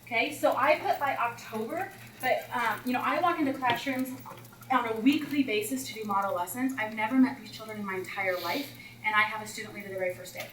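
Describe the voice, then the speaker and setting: A woman math coach talking teachers through classroom routines in a chatty, animated way, acting out scenes with students. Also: a little high, fairly quick, slight background noise. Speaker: math instructional coach leading a teacher workshop. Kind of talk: presenting to teachers. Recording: roomy echo, far from the mic, faint ambience.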